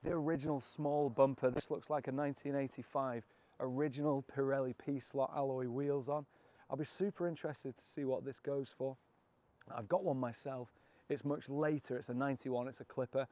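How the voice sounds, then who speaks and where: A man's voice: medium pitch, steady tone, moderate pace, warm tone. A British man presenting a walkaround of a classic car auction, enthusiastic, cheeky and full of jokes. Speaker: car vlogger.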